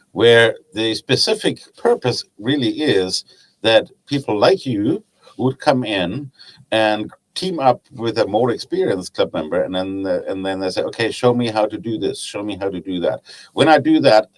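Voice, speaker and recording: A man's voice: fairly low pitch, rough recording. A man with a German accent, a guest telling anecdotes in a casual chat about his woodturning club. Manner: chatty, laughs at his own anecdotes.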